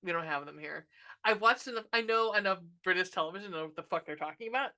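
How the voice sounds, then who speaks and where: A woman's voice: fairly low pitch, fast, bright, forceful tone. Sarcastic swearing woman ranting. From United States. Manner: ranting, sarcastic, swears a lot, frequent laughs and filler. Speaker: podcast host reviewing a film. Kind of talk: casual movie review monologue.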